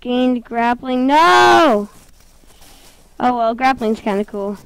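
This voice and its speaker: A high-pitched woman rambling through casual gameplay commentary, excitable and giggly, often talking straight to the game. She speaks at an unhurried pace, and her voice sits close and dry with no room around it. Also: vocal fry, clean tone, no room sound, low-quality recording.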